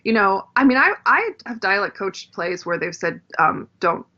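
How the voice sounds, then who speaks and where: Bright-voiced woman in lo-fi chat. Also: medium pitch, moderate pace. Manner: animated, demonstrates dialect sounds, laughs often. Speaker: guest, actress and dialect coach. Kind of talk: casual podcast chat.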